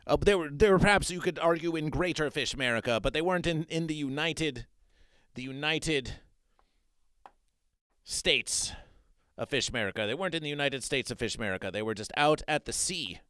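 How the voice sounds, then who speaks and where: A man delivers an absurd mock news monologue in a fairly high, smooth and clear voice. The room sound is close and dry. He rambles and repeats himself, dropping now and then into hushed muttering. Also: animated, a little fast, no echo. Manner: repetitive, rambling, mock-serious. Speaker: comedy streamer.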